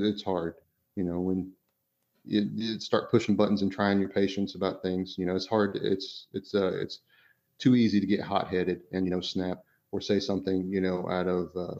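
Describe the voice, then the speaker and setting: A man's voice: low voice, a little mellow. A man co-hosting a podcast in casual discussion, rambling along with lots of fillers and restarts. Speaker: podcast co-host. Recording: dull lo-fi sound.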